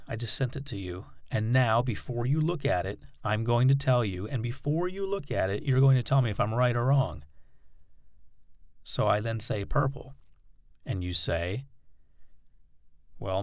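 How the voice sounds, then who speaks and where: Male instructor, lowish voice, patient step-by-step explainer, dry close recording. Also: vocal fry, dry recording. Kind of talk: instructional talk.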